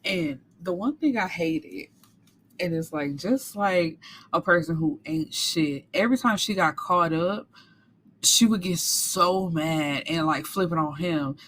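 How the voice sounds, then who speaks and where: A woman's voice: fairly low pitch, unhurried, fairly bright tone, a little hiss or hum. A woman reviewing a book in a casual recap, talking candidly with some cursing and acting out characters' lines.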